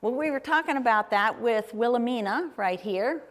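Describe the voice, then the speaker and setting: A lively, slightly high-voiced woman from Ohio, USA, speaks at a normal pace as a guest speaker, giving a chatty, enthusiastic live travel talk with slides in a performing arts center auditorium. She often asks the audience questions, with a live crowd audible and the long reverb of a large hall on the recording.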